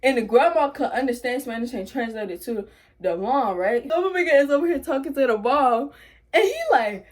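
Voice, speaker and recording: Young woman w/ aave telling a storytime, high pitched, acts out everyone's lines. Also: a little fast. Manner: animated, acts out quotes in a high voice. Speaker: vlogger. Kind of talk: casual storytime.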